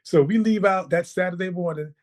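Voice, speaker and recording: Man, podcast guest, casual storytelling, animated, slightly higher voice, acts out dialogue. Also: brisk. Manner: animated, acts out quotes, checks in with "right?" and "okay?".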